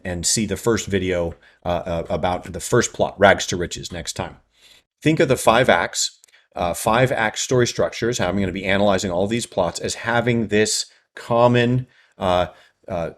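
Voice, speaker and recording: A man hosting a writing channel, giving a quick explanatory lecture and tagging his points with "right?". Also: on the low side. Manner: fast, tags points with "right?".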